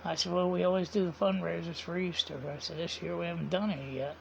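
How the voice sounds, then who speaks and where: A man with a strongly gravelly, rough voice that sits a little high for a man. He tells a story casually and rambles, retelling each conversation line by line with "I said" and "he said". The sound is dull and lo-fi. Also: flat delivery, fast talker, a little hiss or hum. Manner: rambling, repeats quoted dialogue with "I said" and "he said". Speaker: vlogger.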